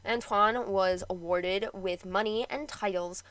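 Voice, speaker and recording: A woman's voice: mid-range voice, fairly even intonation, unhurried, a bit bright, no echo, low-quality recording. A woman narrates a history episode for her own podcast, reading from a script. She keeps slipping into casual, joking asides between the read passages. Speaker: podcast host.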